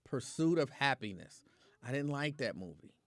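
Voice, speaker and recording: A man hosting a casual live talk show, reacting to viewer comments with emphatic, repetitive opinions in relaxed slang. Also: mid-range voice, normal speed, dry recording. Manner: opinionated and emphatic, repeats his points.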